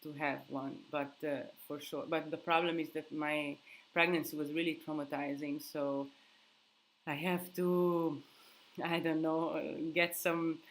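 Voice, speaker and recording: A woman's voice: low voice, little pitch movement, a little slow, rough recording. A sleep-deprived young woman hosts a casual live Q&A. She answers viewer questions, thinking aloud and hunting for words.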